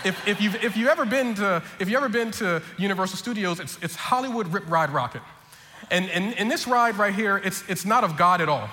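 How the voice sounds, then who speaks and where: A man's voice: sits high, a little fast. A man preaching as pastor, telling a comic family story and acting out everyone's lines with lots of energy. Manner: animated, comic, acts out voices of family. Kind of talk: humorous sermon storytelling. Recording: long hall reverb, faint ambience.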